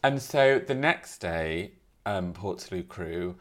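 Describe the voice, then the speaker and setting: A man's voice: deep voice, lively intonation, slow pace, a bit bright. A man spins a story with theatrical flair, and his voice swings widely up and down. He acts out every quote as he goes, in a casual podcast chat. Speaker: podcast co-host.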